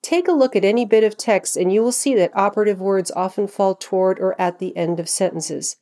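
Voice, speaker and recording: A woman giving a scripted pronunciation lesson, slowing down to model words clearly. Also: medium pitch, warm tone. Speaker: pronunciation teacher. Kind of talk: scripted instructional narration.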